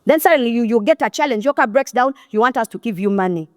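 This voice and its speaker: Blunt high-voiced Ugandan woman speaker. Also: expressive, fast talker, dry recording, studio quality. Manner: blunt, scolding, exhorting. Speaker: motivational speaker. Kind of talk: motivational talk to an audience.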